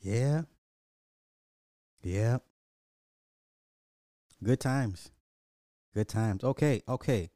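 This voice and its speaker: Animated man telling stories. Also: medium pitch, extremely slow, long pauses, no room sound, clean studio sound. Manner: animated storytelling, laughs often, swears. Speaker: podcast host. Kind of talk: casual chat.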